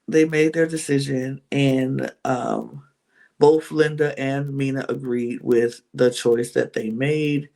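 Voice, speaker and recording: A woman hosting a podcast, recapping a reality show in a chatty, animated way with many restarts. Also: a bass voice, takes it slowly.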